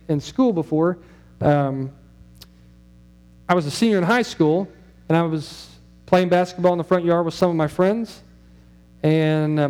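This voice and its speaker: Mellow-voiced man preaching a sermon. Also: fairly high pitch. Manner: conversational, asks the congregation questions. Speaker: pastor.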